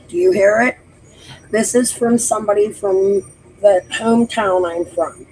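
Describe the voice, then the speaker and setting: A woman's voice: mid-range voice, measured pace, darkish tone, a little hiss or hum, low-quality recording. A woman hosting a casual livestream, talking bluntly and profanely straight to her chat. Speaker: livestream host.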